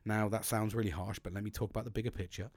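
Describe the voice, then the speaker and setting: A man's voice: lowish voice, steady tone, quick pace, a little mellow, no echo, clean studio sound. A man hosting a podcast, talking frankly and casually about coping and mental health, swearing freely and restarting his sentences. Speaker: podcast host.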